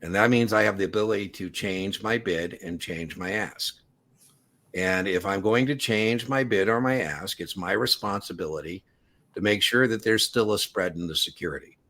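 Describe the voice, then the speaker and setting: A man with a fairly low voice leads an exam prep class. He explains things casually and leans on everyday analogies to make his points. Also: moderate pace, pushed and bright. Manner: casual explanatory, uses analogies and acted quotes.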